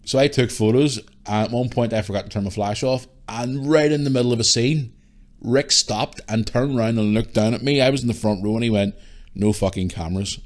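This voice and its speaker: A man's voice: mid-range voice, fairly quick. A Northern Irish man hosting a podcast, telling a long anecdote casually and swearing freely. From Northern Ireland. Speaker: podcast host. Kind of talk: casual storytelling.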